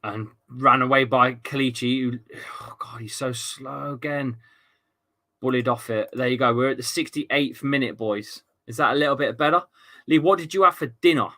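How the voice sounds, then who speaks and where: A man's voice: mid-range voice, moderate pace, bright, forceful tone. A young man streaming a football watchalong, chatting casually, reading out viewer comments and swearing now and then. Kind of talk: live match watchalong commentary.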